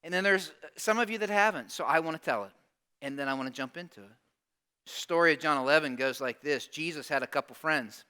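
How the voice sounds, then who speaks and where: A man preaching a sermon as casual storytelling, shifting between loud exclamations and hushed asides. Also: a little high, fairly quick, clear, resonant tone. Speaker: pastor.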